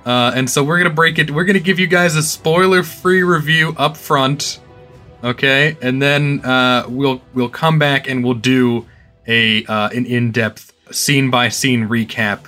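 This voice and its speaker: A man co-hosting a casual podcast, dry and a little hesitant, with a wry edge. His voice is bright and forceful, with faint music playing underneath. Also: medium pitch, fairly even intonation, unhurried. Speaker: podcast co-host.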